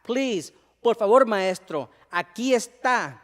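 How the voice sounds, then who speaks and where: A man's voice: high-pitched, lively intonation, a little slow, big-room sound, voice pushed up. A man at a spoken-word reading voicing a determined mother who speaks with earnest, pleading politeness. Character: determined immigrant mother, pleading yet firm.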